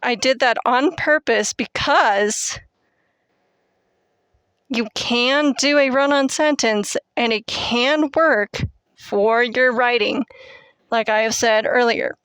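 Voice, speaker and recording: A young woman in her twenties gives casual writing tips in a slightly high, smooth voice. She rambles, fills gaps with "like" and "um", and pokes fun at herself. Her headset mic gives a dry, close sound. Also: takes it slowly, fairly bright tone, dry recording. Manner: rambling, filler-heavy, self-deprecating. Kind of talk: casual teaching monologue.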